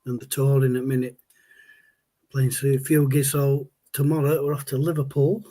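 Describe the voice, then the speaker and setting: A man's voice: medium pitch, flat delivery, moderate pace, mellow. A man, hosting a casual livestream and rambling as he answers viewer chat. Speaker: livestream host.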